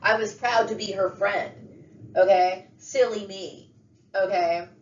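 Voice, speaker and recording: A woman's voice: medium pitch, steady tone, slow pace, a little hiss or hum. Agitated woman ranting in an echoey room. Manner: agitated, repetitive, keeps asking "okay?". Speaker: vlogger. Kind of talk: emotional monologue rant. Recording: dull, echoey room, mic far off.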